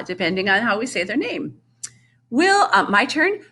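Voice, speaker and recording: A middle-aged woman music teacher giving a distance-learning lesson to young children, chanting rhythms and talking slowly and patiently. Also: mid-range voice, sing-song, a bit bright, husky. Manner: slow, patient, sing-song rhythm chanting.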